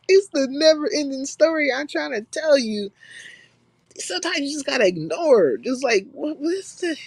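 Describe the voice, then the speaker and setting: A woman's voice: a little high, no room sound. A young woman from California hosting a live stream in blunt, profane, casual chat, laughing often. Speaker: livestream host.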